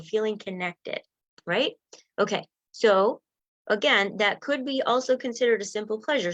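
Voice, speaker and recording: A woman leads a guided self-help talk, softly encouraging listeners to breathe and relax. Her voice sits at an ordinary middle pitch. The recording is dry and a little muffled. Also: no room sound. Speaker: wellness coach.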